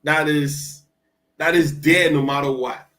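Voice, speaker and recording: A man co-hosting a casual political talk show, talking in halting bursts with many restarts. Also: a little high, fairly even intonation, fairly bright tone, low-quality recording.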